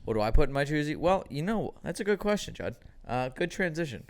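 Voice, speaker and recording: A man's voice: a little high, sing-song, fast. A young man co-hosting a podcast, chatting casually and slipping into playful mock-salesman patter. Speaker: podcast co-host. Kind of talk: casual chat, mock product pitch.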